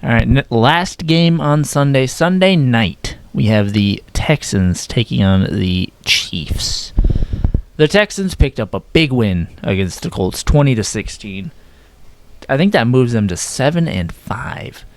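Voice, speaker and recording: A young man casually running through his weekly football picks, correcting himself as he goes and sometimes talking in a flat, robotic way. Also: mid-range voice, a little slow, a little hiss or hum. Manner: casual, self-correcting, slightly flat delivery. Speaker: sports predictions vlogger. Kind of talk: casual sports picks talk.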